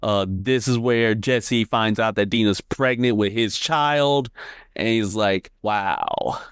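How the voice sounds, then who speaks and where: Chill dude on a podcast, lowish smooth voice, rambly with lots of likes. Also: male voice, takes it slowly, no room sound, studio quality. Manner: relaxed, rambling, lots of fillers. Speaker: podcast co-host. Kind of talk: casual recap chat.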